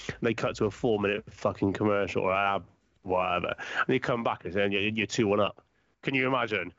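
A man's voice: fairly low pitch, brisk, dry recording, dull audio. A man co-hosting a podcast, swearing freely and laughing as he tells stories in casual banter. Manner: sweary, laughs often, animated storytelling. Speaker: podcast co-host. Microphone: remote call.

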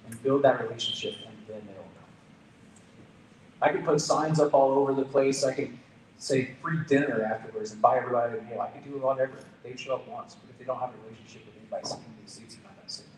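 A man's voice: medium pitch, fast, a little mellow, a little hiss or hum. A man preaching as a pastor, telling a personal story in an earnest, conversational way. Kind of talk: storytelling sermon. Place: church gathering room. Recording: roomy, distant from the mic.

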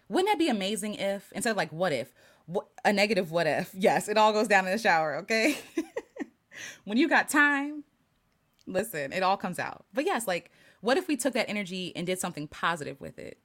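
A woman hosting a casual live stream, her voice climbing and dipping with lively pitch as she thinks aloud. She laughs easily and restarts her sentences often, in a warmly chatty, reflective way. She reads out viewer comments as she goes. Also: brisk. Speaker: livestream host.

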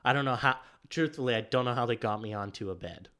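A man's voice: mid-range voice, fast talker, sharp tone. A man telling a story in a casual chat, rambling with many fillers and acting out what others said. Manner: rambling, filler-heavy, acts out quotes.

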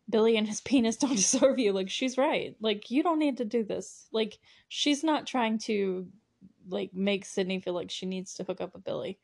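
A woman's voice: medium pitch, vocal fry, a little mellow. Young woman podcast host, chatty and sarcastic, laughs a lot while recapping. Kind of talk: casual movie recap.

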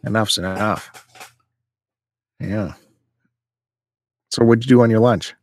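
Male podcast host, lowish voice, dry ribbing banter, casual. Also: slow, no echo.

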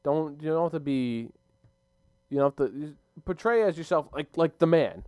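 A young man co-hosting a casual sports podcast from his basement office, telling stories in an excitable, animated way. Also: on the high side, normal speed, smooth, dry recording, highs cut off. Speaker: podcast co-host.

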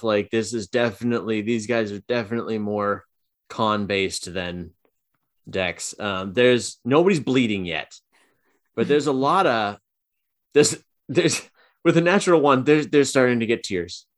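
A man narrating a tabletop game as game master, casual and halting, with many fillers. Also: fairly low pitch.

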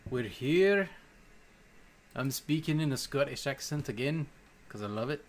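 A man's voice: medium pitch, fairly quick. A man co-hosting a podcast in a casual, jokey, upbeat way, laughing often. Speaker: podcast co-host.

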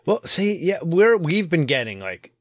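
Animated man telling coaching stories. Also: on the high side, measured pace, no room sound, studio quality. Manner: animated storytelling, often gets loud. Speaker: youth soccer coach. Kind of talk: casual podcast chat.

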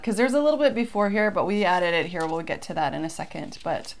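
A woman co-hosting a casual scripture lesson, reading verses aloud and talking them through in a relaxed, conversational way. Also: mid-range voice, a little fast, few pauses. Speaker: co-host of a scripture study.

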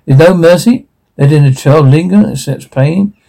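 A man's voice: fairly high pitch, moderate pace, vocal fry, mellow. A man reading the lines of a cold, haughty queen aloud from a script, in a scornful tone.

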